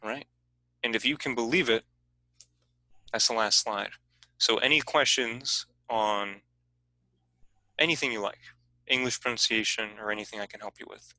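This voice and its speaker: A man presenting a teaching workshop over a video call, explaining in a relaxed, conversational way. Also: mid-range voice, moderate pace, long pauses, no echo, poor audio.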